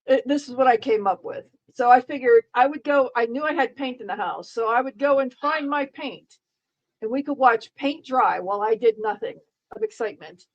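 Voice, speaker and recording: A middle-aged woman talks to her live-stream viewers in a loose, rambling way. Her voice sits a little high. She restarts her sentences often and keeps a dry, sarcastic edge. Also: moderate pace, dull audio. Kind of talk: casual live-stream chat.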